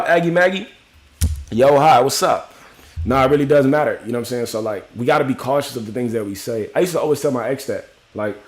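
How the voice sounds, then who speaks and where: Chatty young man hosting a livestream. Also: mid-range voice. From Miami. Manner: loose, talkative, frequent "you know what I'm saying"; greets viewers by name while talking. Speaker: livestream host. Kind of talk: casual livestream chat.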